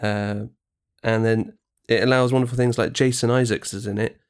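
A man co-hosting a podcast in casual chat, chatty and quick to agree, often restarting his sentences. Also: fairly low pitch, fairly even intonation, clear, resonant tone. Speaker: podcast co-host.

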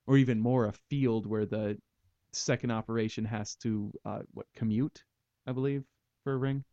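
A man's voice: fairly low pitch, steady tone, normal speed, warm tone, dry recording, dull audio. A man hosting a casual math podcast, rambling through ideas and making puns. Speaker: podcast host. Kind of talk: casual chat about math.

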